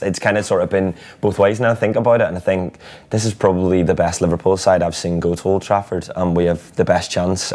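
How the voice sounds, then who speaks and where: A hoarse man losing his voice, chatting about football in a bar, rambling and laughing. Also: deep voice, a little mellow. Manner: rambling, laughing, restarts often. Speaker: co-host. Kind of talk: casual football chat.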